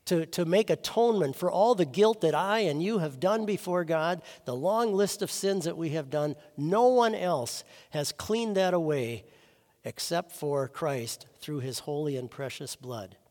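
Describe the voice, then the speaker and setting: A man's voice: fairly high pitch, lively intonation, a little slow, a little mellow, big-room sound. A man preaching a chapel sermon as chaplain, earnest and storytelling, rising for emphasis.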